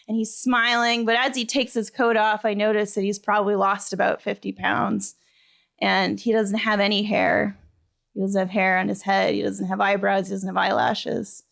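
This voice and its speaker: A woman in her thirties telling a personal story on stage, animated and quick to laugh as she quotes the people in it. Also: medium pitch, gravelly.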